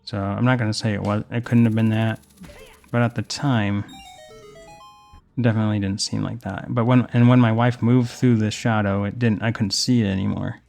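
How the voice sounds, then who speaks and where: Young adult male gamer, gravelly low voice, loose rambling commentary with game music underneath. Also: steady tone, normal speed, darkish tone. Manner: rambling storytelling while playing. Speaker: gaming host. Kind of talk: casual let's play commentary.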